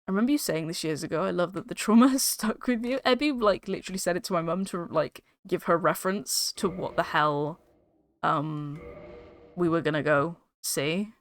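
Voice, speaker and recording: A woman's voice: on the low side, moderate pace, no echo. A woman chatting casually on a game stream on an old desktop mic, bubbly, laughing often and swearing freely. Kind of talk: casual gaming stream chat. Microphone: old desktop microphone.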